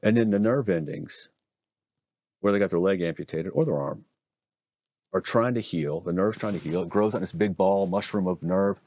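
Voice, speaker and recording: A middle-aged man from Oregon, a hand surgeon telling stories and explaining procedures in a folksy, animated interview manner. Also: sits low, normal speed. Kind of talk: conversational interview storytelling.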